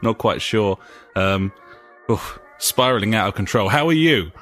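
A man's voice: lowish voice, lively intonation, measured pace, a bit bright, faint music behind. A man from England hosting a casual gaming podcast, joking sarcastically and swearing freely. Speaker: podcast host.

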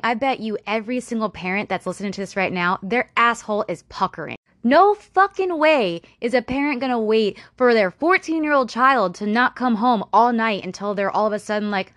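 A woman's voice: a little high, sing-song, normal speed, hardly any pauses, fairly bright tone, no room sound, clean studio sound. A woman narrating a true-crime story in a blunt, sarcastic way, swearing and putting on mocking voices for quotes.

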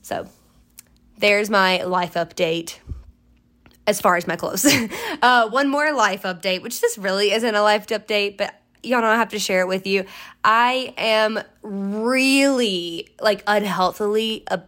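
A woman's voice: mid-range voice, unhurried, fairly bright tone. A woman, hosting a casual solo podcast, chatty and rambling with upbeat, encouraging gushing. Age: 20s. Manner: chatty, rambling, self-interrupting. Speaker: podcast host.

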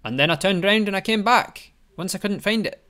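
A man's voice: high-pitched, fairly quick, sharp tone, pitched above the performer's own voice. A man voicing a confused, panicking adventurer who stammers and fires off questions. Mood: bewildered. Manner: frantic, stammering, repeated questions.

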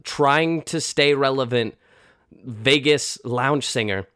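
A man telling a story in a loose, animated, chatty way with lots of fillers. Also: mid-range voice, takes it slowly, no room sound, clean studio sound. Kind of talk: casual storytelling.

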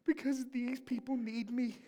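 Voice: medium pitch, little pitch movement, unhurried, dark tone, lightly acted. A woman preacher voicing God in a solemn, repetitive, earnest manner. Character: God speaking, firm and earnest.

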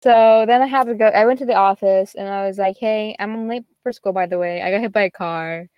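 A woman's voice: medium pitch, fairly quick, clean tone, no room sound, muffled recording. Rambling teenage girl telling a story. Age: teens. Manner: rambling, filler-heavy, quotes others. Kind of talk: casual chat.

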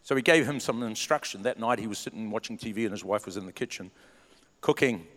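A man preaching a sermon as pastor, telling stories in a relaxed way and then building to an urgent, rising preaching cadence. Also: fairly low pitch, fast. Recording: long hall reverb in a church.

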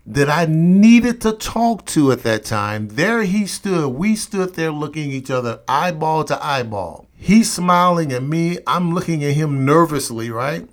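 A man hosting a motivational podcast, telling a personal story emphatically and repeating refrains. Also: on the high side. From St. Louis area, USA.

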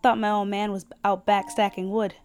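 A woman voicing a hurried, good-humored village housewife with chatty, folksy banter. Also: medium pitch, level tone, music in the background, lightly acted. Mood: teasing.

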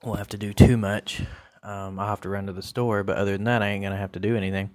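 Low-voiced man hosting a rambling podcast. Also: little pitch movement, fast talker, darkish tone. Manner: rambling and laid-back, with many fillers. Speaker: podcast host. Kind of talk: casual solo podcast chat.

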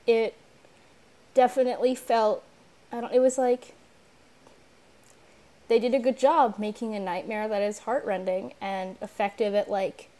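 A woman's voice: medium pitch, darkish tone. A young woman co-hosting a casual chat, rambling with many fillers and restarts. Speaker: podcast co-host. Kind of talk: casual chat about an anime.

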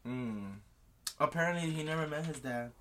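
Casual co-host, bright crisp voice, mid pitch, animated, swears, does character bits. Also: moderate pace, slight background noise. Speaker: podcast co-host. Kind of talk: casual book recap chat.

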